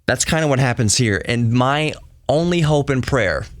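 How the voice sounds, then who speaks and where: A man's voice: mid-range voice, animated, moderate pace, dry recording, clean studio sound. A man hosting a podcast, talking in an earnest and heated solo monologue, often repeating and restarting his phrases. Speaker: podcast host.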